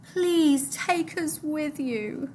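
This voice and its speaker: A woman's voice: sits high, very slow, mellow, a little hiss or hum, voice pushed up, full character voice. A woman reading aloud, voicing a desperate teenage boy who cries out and pleads from the water. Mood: pleading desperate. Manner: pleading, crying out.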